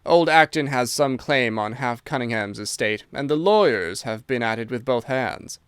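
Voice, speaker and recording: A man voicing a hearty old military colonel who talks in a brisk, forthright way. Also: mid-range voice, animated, a bit bright, clean tone, dry recording, lightly acted.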